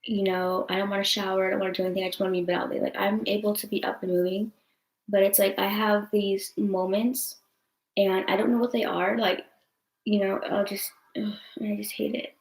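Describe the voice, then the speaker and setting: Upset young woman venting, flat-toned. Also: mid-range voice, fairly quick, gravelly. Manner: rambling, frequent swearing, many fillers. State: upset and tearful. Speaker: vlogger answering live chat. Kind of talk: casual livestream venting. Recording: roomy echo.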